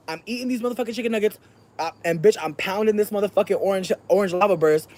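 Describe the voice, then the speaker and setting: A young adult podcast host telling a story in a casual, profane way, moving from soft-spoken to shouting. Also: medium pitch, fast.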